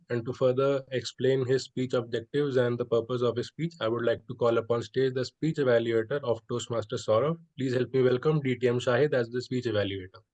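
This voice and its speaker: A man's voice: mid-range voice, darkish tone, rough recording. A man hosting a club meeting, polite and formal, with fillers. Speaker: meeting host.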